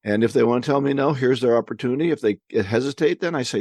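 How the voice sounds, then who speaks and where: A man's voice: mid-range voice, quick pace, a little mellow, no room sound, studio quality. A man co-hosting a podcast, reading listener questions and answering in a casual, conversational way, often repeating words as he thinks.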